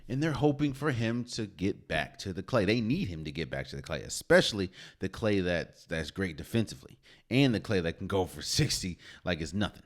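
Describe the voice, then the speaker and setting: Deep-voiced animated man talking sports. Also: fairly quick. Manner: animated, conversational, repeats and restarts phrases. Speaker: podcast host. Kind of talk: solo sports talk.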